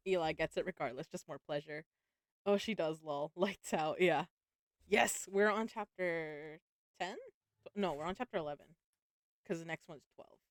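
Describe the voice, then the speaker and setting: In a clean studio recording with no echo, a woman with a lowish voice livestreams a novel reading from home. She chats with her audience along the way, laughing often and swearing casually.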